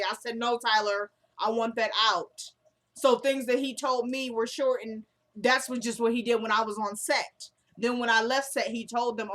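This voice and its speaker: A TV recap vlogger with a slightly high, somewhat bright voice chats casually through a drama episode, performing the characters' lines and throwing in jokey asides.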